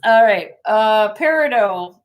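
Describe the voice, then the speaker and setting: A woman hosting a casual live jewelry sale from home, briskly listing rings and sizes with chatty asides. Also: mid-range voice, lively intonation, dull audio, slight background noise. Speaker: host selling jewelry on a live stream.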